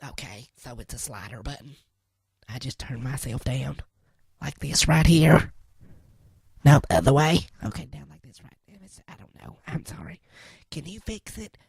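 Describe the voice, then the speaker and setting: A woman voicing a flustered, easily riled church lady in a comedy sketch, fumbling with the equipment, cursing and then apologizing in a husky voice. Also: very deep voice, animated, moderate pace, darkish tone, no room sound, studio quality, heavily acted.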